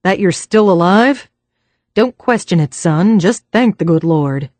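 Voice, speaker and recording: A woman's voice: fairly low pitch, expressive, a little slow, a little mellow, dry recording. A woman reading the part of a worried middle-aged American businessman, weary and blunt, in an American accent.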